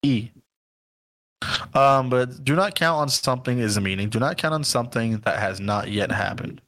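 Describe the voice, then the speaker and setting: A man's voice: mid-range voice, normal speed, a bit bright. A young man co-hosting a laid-back podcast, cracking jokes and tripping over his words as he goes. He laughs often and keeps a loose, casual tone. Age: 20s. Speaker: podcast co-host. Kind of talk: casual chat.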